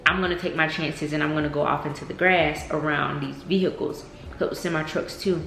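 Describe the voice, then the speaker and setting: A young woman telling a storytime vlog, animated and chatty, often saying "y'all.". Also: deep voice, fairly quick. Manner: animated, addresses viewers as y'all, many fillers. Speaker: vlogger. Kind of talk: casual storytime. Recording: echoey room with faint noise.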